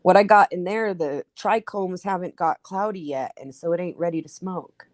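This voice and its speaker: A woman's voice: fairly low pitch, moderate pace, darkish tone, no echo. Middle-aged woman, earnest explainer in casual chat; dry, close sound. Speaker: guest in a chat.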